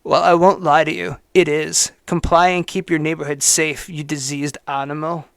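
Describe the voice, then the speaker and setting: A man putting on a lower voice to mock a hateful young male online ranter, reading his post slowly and with heavy, sneering emphasis. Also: flat delivery, vocal fry, no room sound, studio quality.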